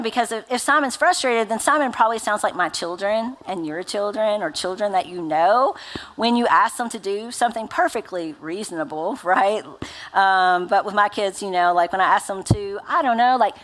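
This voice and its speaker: A woman's voice: mid-range voice, fairly bright tone. A woman pastor in her thirties preaching a sermon in a chatty, conversational way, full of filler words. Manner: conversational, uses many fillers like "like" and "right?".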